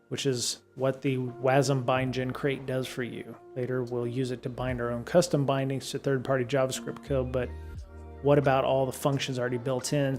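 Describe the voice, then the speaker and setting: On his live stream, a middle-aged man with a mid-range voice reads a programming book at an even pace before sliding into rambling talk peppered with ums and false starts. Soft guitar music can be heard in the background.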